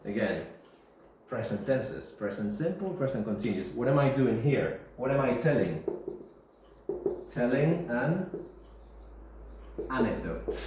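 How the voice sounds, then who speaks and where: A male English teacher giving a classroom grammar lesson, repeating key terms and checking in with his students. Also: medium pitch. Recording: very echoey room, faint background hiss.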